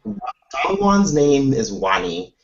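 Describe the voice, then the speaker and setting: A man chatting casually on a video call about making reaction videos, excitable and full of "like". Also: mid-range voice, slow pace. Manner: animated storytelling, excitable, lots of "like". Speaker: K-pop reaction YouTuber, live chat host. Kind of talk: casual chat. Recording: echoey, distant, lo-fi call audio.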